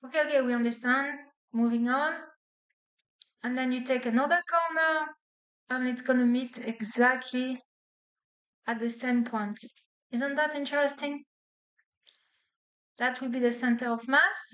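A woman's voice: high voice, steady tone, a little slow, long pauses, fairly bright tone. A woman physics lecturer with a non-native accent, explaining step by step and checking in with her students. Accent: non-native English. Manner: explains step by step with frequent "okay?" and "right?" checks. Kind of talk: classroom lecture. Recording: echoey lecture hall.

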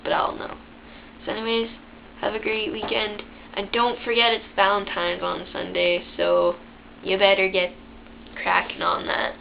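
A woman's voice: mid-range voice, little pitch movement, unhurried, creaky. A young woman telling embarrassing childhood stories in a chatty, candid, self-mocking way, swearing freely. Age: young adult. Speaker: vlogger. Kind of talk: casual storytelling to camera. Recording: dull lo-fi webcam sound with faint hiss.

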